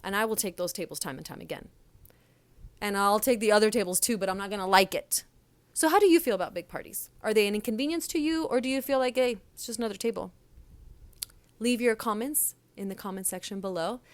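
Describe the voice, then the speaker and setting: A woman's voice: mid-range voice, quick pace, no room sound. Blunt, sassy young woman host. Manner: blunt, sassy storytelling with lively quoted voices. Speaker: podcast host, restaurant server and former manager. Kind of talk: casual solo podcast monologue.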